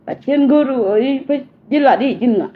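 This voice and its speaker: A woman's voice: high voice, normal speed. Pleading woman, tinny phone audio. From South Sudan. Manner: pleading, repeats herself insistently. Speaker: message sender. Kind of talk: personal spoken message. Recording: tinny phone-line audio, faint hiss.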